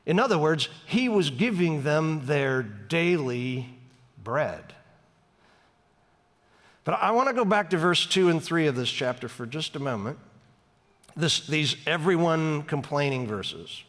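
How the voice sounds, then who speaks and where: A pastor gives a sermon in a church sanctuary in a fairly high voice for a man. He talks in a loose, conversational way and drags out key words for effect, with a long reverb trailing behind him. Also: expressive, fairly bright tone. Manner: conversational, storytelling with dramatic slowdowns.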